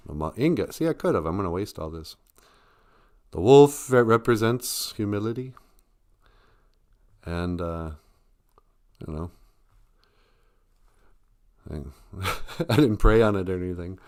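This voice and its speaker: A man with a fairly low voice hosts a casual live stream and jokes around as he talks. His delivery is rambling and self-deprecating, and laughter comes up often. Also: animated, slow pace, pauses often, darkish tone. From Ojibwe community. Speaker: comedian and live stream host.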